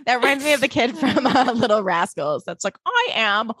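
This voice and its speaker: A woman's voice: on the high side, expressive, a little fast, a bit bright, slightly rough, no echo. A young woman co-hosting a podcast, playful and profane, laughing often through a casual recap. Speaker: podcast co-host.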